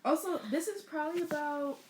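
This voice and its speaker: A woman co-hosting a casual podcast from her bedroom, telling a story in a playful, animated way with plenty of fillers. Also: sits high, a little fast, heavy background noise. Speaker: podcast co-host.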